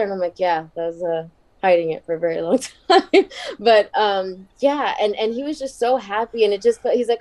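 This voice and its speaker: A woman's voice: mid-range voice, animated, moderate pace, darkish tone. A woman in her thirties, a guest chatting casually in an interview, telling backstage stories and acting out quoted voices. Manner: chatty, laughs often, acts out quoted voices. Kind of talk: casual podcast interview storytelling.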